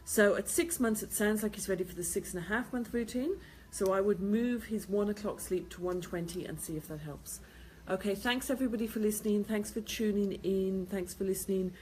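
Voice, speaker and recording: A woman's voice: mid-range voice, brisk, hardly any pauses, darkish tone, slight background noise. A woman host answering viewers' questions on baby sleep, giving practical advice and repeating key points. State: tired, yawning.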